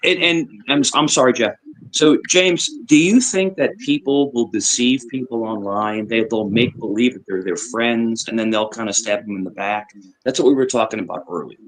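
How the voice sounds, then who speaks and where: A man's voice: medium pitch, moderate pace, rough recording. A man on a live stream chat asking probing questions, often restarting and repeating himself.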